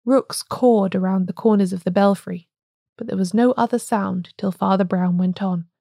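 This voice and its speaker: A woman hosting a podcast, reading a classic detective story aloud in a measured, unhurried storytelling manner. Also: medium pitch, steady tone, creaky, warm tone, no echo, studio quality. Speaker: podcast host and narrator.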